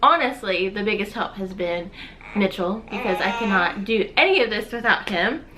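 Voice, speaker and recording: A young woman in her twenties filming a casual personal vlog at home, speaking softly and rambling, with many fillers and tearful laughs. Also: medium pitch, animated, normal speed, crowd noise. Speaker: vlogger, new mother. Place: at home, holding her baby. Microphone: camera viewfinder.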